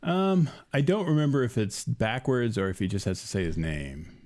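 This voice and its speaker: A man's voice: medium pitch, big pitch swings, normal speed, darkish tone. A man co-hosting a podcast in casual chat, dry and joking, laughing often. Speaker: podcast co-host.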